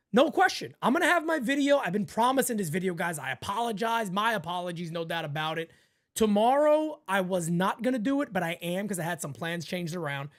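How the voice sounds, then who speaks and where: A man hosting a casual live sports talk show, emphatic and animated, swinging between loud bursts and quieter asides. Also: high voice. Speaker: podcast host.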